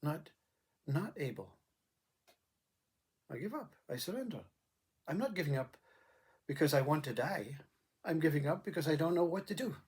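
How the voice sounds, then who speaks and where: A man giving a reflective spiritual monologue, pausing and repeating words as he searches for them. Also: a little high, lively intonation, darkish tone, slightly rough. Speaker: spiritual speaker.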